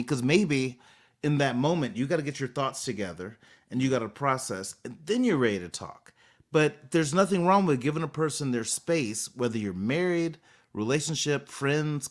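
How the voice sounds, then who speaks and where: A man co-hosting a podcast, chatting casually and acting out little scenes as he argues his point. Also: medium pitch. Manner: animated, acts out little scenes. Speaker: podcast co-host. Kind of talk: casual chat.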